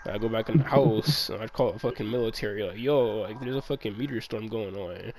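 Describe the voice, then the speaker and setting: Gravelly man telling a rambling story. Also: lowish voice, fairly quick, darkish tone, a little hiss or hum, poor audio. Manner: rambling, profane storytelling, acts out dialogue. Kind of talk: casual chat. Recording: crowd chatter behind.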